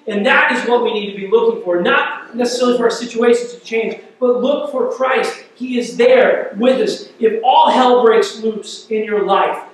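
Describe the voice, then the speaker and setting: Animated high-voiced pastor in an echoey church. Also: male voice, moderate pace, few pauses. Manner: animated, acts out quotes, conversational asides. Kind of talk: sermon. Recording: echoey church hall from far off.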